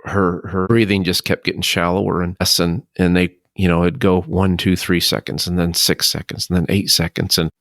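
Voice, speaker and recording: Deep-voiced man recounting a loss. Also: flat delivery, a bit bright, no room sound, clean studio sound. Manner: halting, emotional, many restarts. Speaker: podcast host. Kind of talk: personal storytelling.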